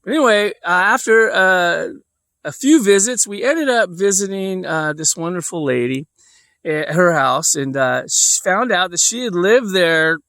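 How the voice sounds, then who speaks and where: Male vlogger, casual storyteller, meandering delivery; slightly high voice, dry close recording. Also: expressive, a little slow, pushed and bright, no echo. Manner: rambling, with lots of fillers and restarts.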